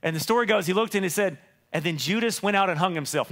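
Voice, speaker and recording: High-voiced animated male pastor. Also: fast talker. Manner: animated, acts out voices in his stories. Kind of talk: sermon.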